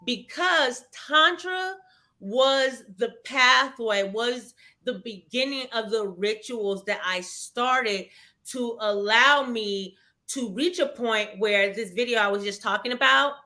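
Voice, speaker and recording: A woman's voice: on the high side, slow pace, bright, forceful tone. A woman in her thirties telling a personal story in a live webinar, earnest and reflective, often restarting her sentences. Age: 30s. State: tearful at moments. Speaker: webinar guest.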